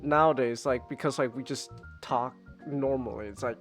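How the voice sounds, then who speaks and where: A man's voice: mid-range voice, fairly even intonation, moderate pace, soft background music. A man streaming and chatting casually with friends, rambling through hesitant, restart-heavy sentences with frequent giggles. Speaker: streamer hosting a voice chat. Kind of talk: casual chat.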